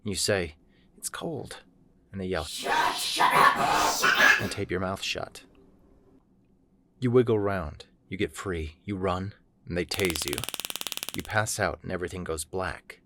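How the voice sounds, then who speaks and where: A man's voice: low-pitched, normal speed, very noisy. A man reading a horror story aloud, narrating in a plain second-person manner.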